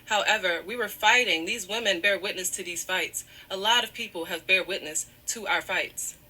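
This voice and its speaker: A woman with a bright, forceful voice recounts a painful story while close to tears. She keeps apologizing and steering herself back with "however" as she digresses. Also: medium pitch, moderate pace, breathy edge. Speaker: guest telling her side of a breakup. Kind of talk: emotional personal storytelling.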